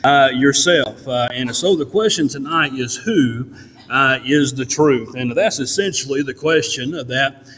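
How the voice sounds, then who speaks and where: A man preaching a sermon in a church, pausing often with "uh" between phrases. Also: medium pitch, a bit bright. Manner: halting, fills pauses with frequent "uh". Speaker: pastor. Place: church sanctuary. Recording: long church reverb.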